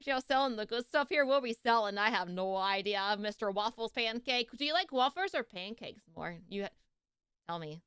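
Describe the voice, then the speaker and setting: Bubbly young woman streamer, bright voice. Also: on the high side, moderate pace, clean tone, no room sound, studio quality. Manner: bubbly, giggly, greets chatters excitedly. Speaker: streamer reacting to videos. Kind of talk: casual live-stream chat.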